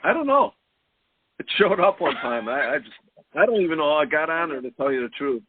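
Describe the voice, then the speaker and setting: A man who is a guest healer on a call, talking in a laid-back, unhurried and folksy way. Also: on the high side, animated, breathy edge, no room sound. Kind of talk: casual chat on a call. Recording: tinny phone line, dry.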